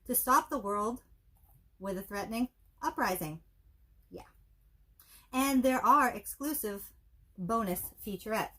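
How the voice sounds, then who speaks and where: A woman's voice: a little high, fairly bright tone. Woman, co-host, casual movie review chat, wry, dry asides.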